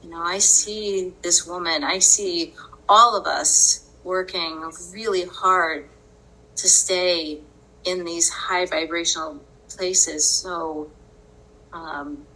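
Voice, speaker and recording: A woman hosts a podcast and tells a personal story at a slow, deliberate pace. Her voice is bright and forceful. She stays earnest throughout and often breaks into laughter. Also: fairly low pitch, fairly even intonation, low-quality recording. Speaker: podcast host.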